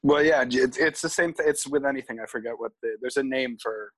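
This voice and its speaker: A man in his twenties, a podcast co-host telling stories in casual chat, animated and swearing freely. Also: medium pitch, fairly quick, no room sound, rough recording.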